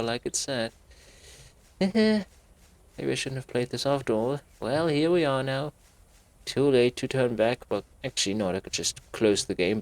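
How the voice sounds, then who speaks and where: A man giving let's play commentary on a horror game, thinking aloud in quiet asides and breaking into sudden swearing. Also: mid-range voice, no room sound. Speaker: gaming YouTuber.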